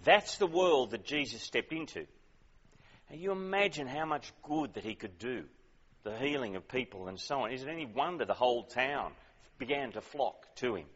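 A man preaches in a chatty, emphatic way, pitched in the middle, and throws questions at his listeners. The sound is muffled and dull. A long reverb hangs in the hall. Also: animated, normal speed, fairly bright tone, slightly rough. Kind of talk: sermon.

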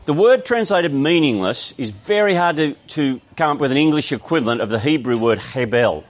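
A man's voice: fairly high pitch, animated, fairly quick. A man with an Australian accent preaching a sermon, explaining a text in a conversational way with frequent restarts.

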